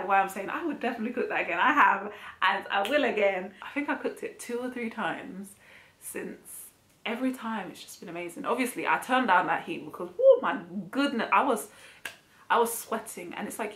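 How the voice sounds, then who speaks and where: Excitable lady cookbook vlogger, chatty and slangy, middle pitch, roomy echo. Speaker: cooking channel host. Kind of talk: casual vlog review chat. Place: home kitchen. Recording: echoey room.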